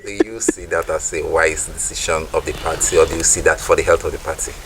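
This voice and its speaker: A man's voice: a bass voice, steady tone, quick pace, a crowd in the background, poor audio. A man interviewing a guest, asking polite, formal questions.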